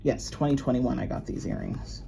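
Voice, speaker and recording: Low, lively woman. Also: moderate pace, vocal fry, lo-fi sound, a little hiss or hum. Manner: chatty, rambling, often laughs. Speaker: luxury unboxing vlogger. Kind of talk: casual show-and-tell chat.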